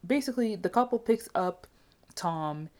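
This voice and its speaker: A woman giving a casual, animated movie review, chatty and emphatic with frequent asides. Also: mid-range voice, normal speed.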